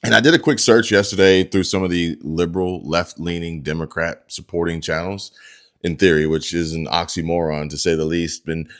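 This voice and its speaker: A man's voice: low voice, steady tone, normal speed, fairly bright tone. A man hosting a political commentary channel, talking straight to his viewers with restarts and stumbles.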